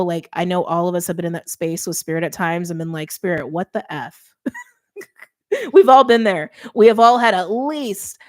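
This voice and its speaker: A young adult woman giving a chatty, emphatic tarot reading, interrupting herself often. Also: on the low side. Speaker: tarot reader.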